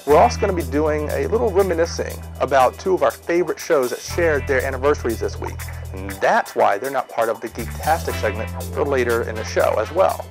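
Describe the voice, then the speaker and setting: A man hosting a show in a deliberately deep, low monotone voice. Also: over music, low-quality recording. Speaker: show host.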